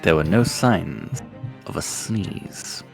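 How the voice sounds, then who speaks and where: Deep gravelly man reading game lines. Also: slow pace. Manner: mock-formal, theatrical delivery of detective lines. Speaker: game streamer voicing lines. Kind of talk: casual read-along of game dialogue. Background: game music.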